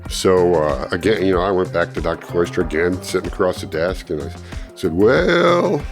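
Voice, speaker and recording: An older man, interviewed, recounting a personal story and acting out what others said in lively bursts. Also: sits low, brisk, faint music behind. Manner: animated storytelling, acting out quoted speech. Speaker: interviewee, former ministry student.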